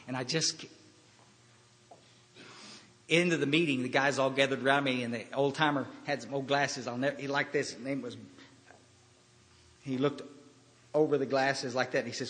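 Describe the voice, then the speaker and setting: A man's voice: medium pitch, steady tone. Man telling his story in a reverberant hall. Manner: halting, storytelling, quiet pauses. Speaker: recovery speaker. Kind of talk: personal recovery talk.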